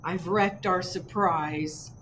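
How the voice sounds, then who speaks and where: A woman's voice: on the low side, steady tone, slow pace, fairly bright tone, a little hiss or hum. A woman reading aloud, voicing an impatient, clumsy bear in a children's picture book with a fretful manner. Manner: fretful, restless.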